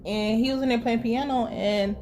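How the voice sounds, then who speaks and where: A woman giving a casual, sassy and profane recap of a TV episode with lively asides. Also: a little high, moderate pace, faint music behind. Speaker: show recap host.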